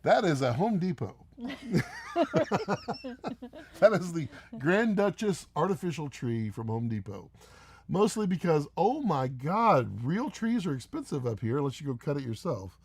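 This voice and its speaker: A man's voice: fairly high pitch, very animated, a little slow, a little mellow, husky, no echo. A man hosting a casual live stream from home, reading viewer comments aloud and teasing them with frequent laughs. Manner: rambling, teasing, laughs often.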